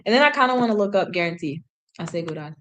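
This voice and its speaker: A woman, casually reading aloud and translating on a live stream, chatty and quick to correct herself. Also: lowish voice, expressive, fairly bright tone, slight background noise. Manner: chatty, self-correcting, laughs at herself, drops into sung snippets. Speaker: language learner streaming a reading session.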